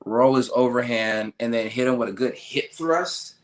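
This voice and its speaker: A man's voice: mid-range voice, moderate pace, a little hiss or hum. A young man, a professional fighter, giving laid-back, joking interview answers full of fillers.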